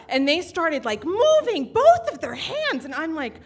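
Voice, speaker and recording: A woman's voice: sits high, big pitch swings, unhurried. A woman telling a personal story live on stage into a microphone, in a chatty, self-mocking way full of fillers.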